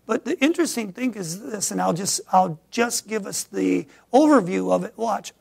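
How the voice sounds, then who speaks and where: A middle-aged man from Michigan preaching a sermon as pastor, swinging from quiet asides to loud emphatic peaks. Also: sits high, lively intonation, moderate pace, creaky, few pauses, slightly rough. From Michigan, USA.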